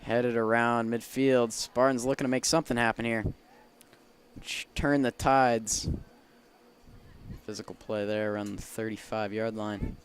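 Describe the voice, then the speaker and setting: A young man giving casual play-by-play commentary on a high school soccer game outdoors, his calls rising with the action. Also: steady tone, a little slow, clear, resonant tone. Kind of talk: amateur sports commentary.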